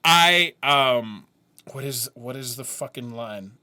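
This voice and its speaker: A man reacting to a friend's music album in casual commentary. He swears a lot, laughs often and gets excited, and he trails off and restarts when he turns reflective. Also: medium pitch, slow pace. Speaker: music reaction video host.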